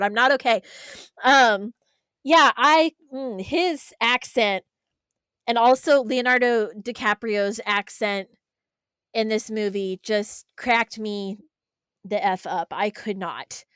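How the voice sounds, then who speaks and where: Blunt, sarcastic young woman, smooth voice. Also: on the high side, slow pace, no room sound. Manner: blunt, sarcastic, animated storytelling. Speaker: podcast co-host. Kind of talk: casual chat.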